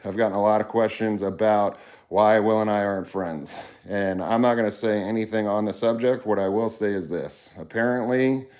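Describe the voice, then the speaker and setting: Hosting a casual livestream, a man with a lowish, somewhat dark voice speaks to his viewers bluntly and earnestly. He rambles, often restarting his sentences.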